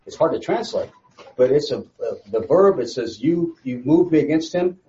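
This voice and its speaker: Animated man teaching a Bible study. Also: on the high side, normal speed, lo-fi sound, slight background noise. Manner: emphatic, rhetorical questions, repeats phrases.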